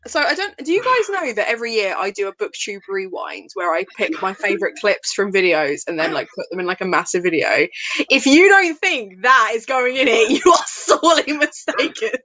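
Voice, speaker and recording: A woman's voice: medium pitch, animated, brisk, pushed and bright. A young woman hosting a livestream book club, chatting casually and teasing her guests with frequent laughter. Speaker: livestream host. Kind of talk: casual chat.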